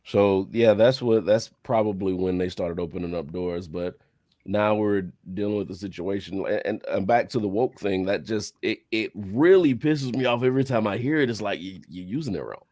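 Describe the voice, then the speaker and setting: A man chatting casually in a group, animated, jumping into high squeals when joking. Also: moderate pace, dry recording. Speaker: podcast host.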